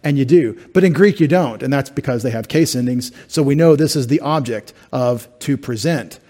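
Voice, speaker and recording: A man's voice: medium pitch, normal speed, warm tone. A middle-aged man pastor preaching an expository sermon, explaining Greek words step by step with wry asides. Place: church sanctuary.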